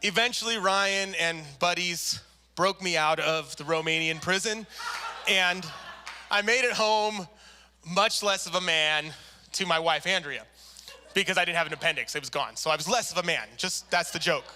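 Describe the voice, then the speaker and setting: A man preaching a sermon to a church, telling a personal story with lively acted-out voices. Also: high voice, normal speed. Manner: animated storyteller, acts out quoted voices. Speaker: pastor. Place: church service.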